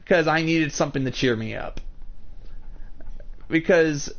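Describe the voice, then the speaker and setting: A man chatting on a livestream about his channel, talking in a halting, rambling and defensive way. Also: a little high. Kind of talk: casual livestream chat. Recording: dull lo-fi mic.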